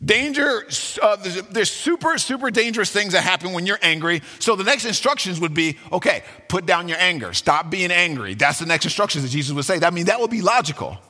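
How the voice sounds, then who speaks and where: A pastor delivers a sermon with animated energy, his fairly high, bright voice leaping up and down as he acts out quotes. The sound rings with a long hall reverb behind him. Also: brisk, hardly any pauses. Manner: animated, dramatic, with acted-out quotes and sudden pitch swings.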